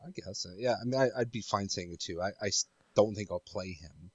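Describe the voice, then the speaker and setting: A man's voice: lowish voice, brisk, no echo, muffled recording. A man with a cold co-hosting a podcast, giving hedged, thoughtful analysis in casual chat. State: has a cold. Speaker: podcast co-host.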